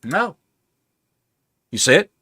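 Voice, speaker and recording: A man co-hosting a casual wrestling podcast, telling stories in a wry, drawn-out way. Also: pushed and bright, no echo. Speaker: co-host.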